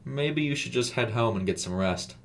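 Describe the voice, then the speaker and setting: A man's voice: mid-range voice, animated, moderate pace, pitched above the performer's own voice, natural voice. A man voicing a condescending, secretive middle-aged man who turns coldly stern.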